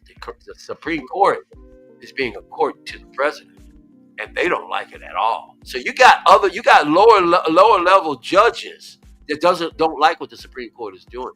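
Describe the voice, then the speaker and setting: Host, American man, high, bright voice, lively stream chat, repeats himself when he gets excited. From United States. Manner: animated, excitable, repeats words, laughs often. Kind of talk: casual chat.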